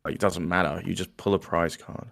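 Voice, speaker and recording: A man from Cork with an Irish accent, chatting and joking loosely with friends as a podcast co-host, with halting restarts. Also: low voice, steady tone, creaky, fairly bright tone. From Cork, Ireland. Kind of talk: casual chat among friends.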